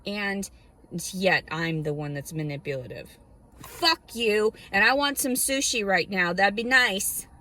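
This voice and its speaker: A woman's voice: medium pitch, animated, unhurried, pushed and bright. A woman vlogger ranting to camera about her life, blunt, heated and full of profanity. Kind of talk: angry personal rant to camera.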